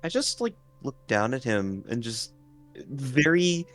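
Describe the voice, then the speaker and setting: A man's voice: mid-range voice, very animated, slow, a bit bright, faint music behind. A man playing a tabletop game, casually describing what his character does. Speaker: player.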